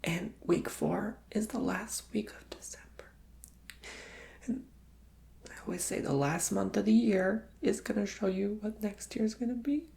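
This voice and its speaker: A man giving an ASMR tarot reading, often whispering, speaking softly and reassuringly straight to the listener. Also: high-pitched, measured pace, vocal fry. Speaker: tarot reader.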